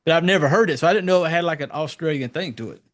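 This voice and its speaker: A man co-hosting a casual podcast, animated and profane, acting out quotes and chiming in with yeahs. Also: on the high side, racing. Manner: animated, acts out quotes, affirms with "yeah". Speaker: podcast co-host.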